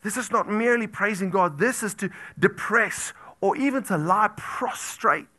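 A man preaching a sermon as pastor, animated, swinging from loud exclamations to hushed near-whispers and repeating phrases for emphasis. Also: sits high, normal speed.

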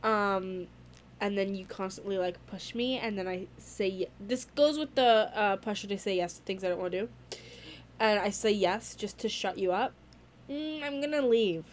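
A woman's voice: medium pitch, moderate pace, a little hiss or hum. A young woman talking casually to camera in a vlog, candid and blunt, swearing freely and filling her speech with "like.".

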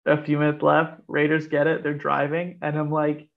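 Animated man ranting about football, muffled. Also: a little high, normal speed, gravelly. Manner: animated, laughs often, rants. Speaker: podcast host. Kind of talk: casual sports chat. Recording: muffled lo-fi podcast audio.

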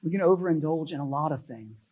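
Preaching fast with lively intonation, a young adult man who pastors in the United States lifts key words emphatically and then falls back to a soft, low register. The audio is dull.

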